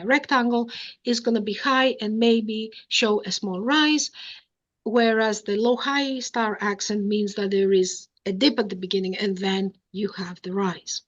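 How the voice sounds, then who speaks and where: A woman giving an academic lecture, explaining step by step, often pausing on "uh" and checking with "okay?". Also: mid-range voice, muffled recording.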